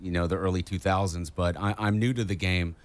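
A man's voice: low voice, steady tone, brisk. A man hosting a casual radio interview, chatty and enthusiastic with plenty of ums and uhs. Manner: chatty, enthusiastic, lots of fillers. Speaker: radio host.

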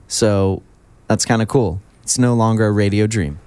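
A man's voice: fairly low pitch, moderate pace, hardly any pauses, mellow, clean tone, dry recording. A man hosting a radio show, chatting casually and playfully with guests in the studio. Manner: laughing, playful, easygoing. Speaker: radio host.

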